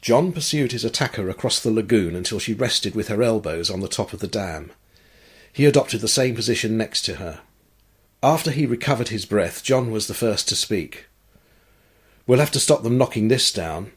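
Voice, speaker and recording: A man narrating an audiobook story in a calm, measured manner. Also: lowish voice, slightly rough. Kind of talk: scripted narration.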